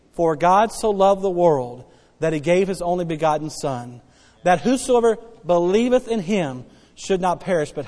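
High-voiced preacher in a reverberant hall. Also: male voice. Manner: emphatic preaching, repeats key phrases, swings between soft and loud. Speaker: pastor. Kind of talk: sermon.

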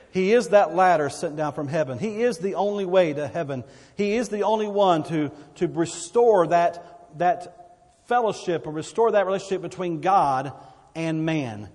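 A man's voice: sits high, normal speed, darkish tone. A pastor delivering an emphatic sermon in a church, often repeating words as he builds his point. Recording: reverberant hall.

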